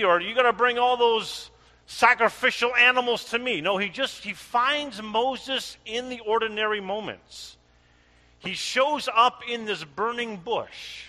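Animated high-voiced man preaching in a hall. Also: slow. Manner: animated, acts out quoted voices. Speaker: pastor. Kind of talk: sermon.

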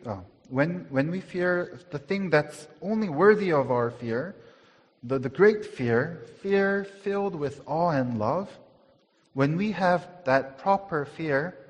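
A man preaching a sermon in an earnest way, repeating words for emphasis, rising in volume on key phrases and dropping to a hush. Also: on the high side. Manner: swells louder on key phrases, then drops to a hush. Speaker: pastor. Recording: long hall reverb.

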